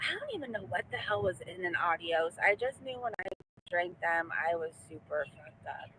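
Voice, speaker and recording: A woman in her forties chatting in a casual vlog from inside a car, rambling, excitable and profane. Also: lowish voice, moderate pace, background noise. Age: 40s.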